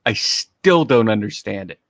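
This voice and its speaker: A man's voice: on the low side, expressive, measured pace, vocal fry, fairly bright tone, no room sound, studio quality. A man co-hosting a casual chat, reacting briefly and stammering as he starts sentences.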